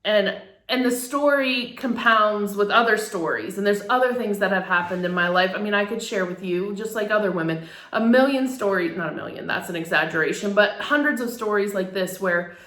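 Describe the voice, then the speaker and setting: A woman's voice: mid-range voice, normal speed, fairly bright tone. A middle-aged woman, a photographer, telling a personal story in a candid, emotional way, laughing now and then and using many fillers. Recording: echoey room.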